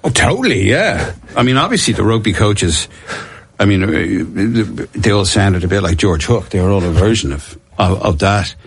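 A middle-aged man tells rambling, self-deprecating stories as a guest on an interview, often breaking into laughter. His voice sits fairly low and has a husky texture. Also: lively intonation, normal speed. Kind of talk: casual anecdotal interview.

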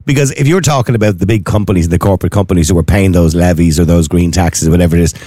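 A man's voice: low voice, racing, warm tone, dry recording, clean studio sound. An Irish man co-hosting a casual chat, asking questions and chatting wryly. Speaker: podcast co-host.

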